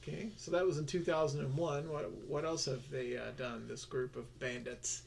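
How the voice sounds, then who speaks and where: A man with a gravelly voice co-hosts a casual podcast chat. He keeps the talk on track at a steady, mid-range pitch. His humor is dry, and he talks with many fillers. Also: moderate pace, a little hiss or hum. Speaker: podcast co-host.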